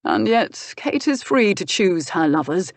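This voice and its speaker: Woman reading a firm, steady uncle. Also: fairly low pitch, dry recording. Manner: firm, measured, dryly mocking. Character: older uncle and guardian, firm, steady boxer. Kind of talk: audiobook character voice.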